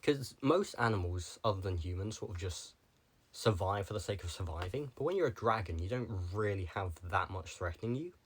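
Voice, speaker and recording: A man's voice: on the low side, expressive, fairly quick, husky. A young man talking casually to the camera, rambling from one tangent to the next with lots of filler words. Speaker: vlogger.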